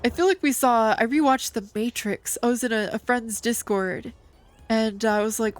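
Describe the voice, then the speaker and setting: Chatty woman streamer, slightly high voice. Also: normal speed, no echo. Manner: chatty, rambling, playful. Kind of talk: casual game commentary.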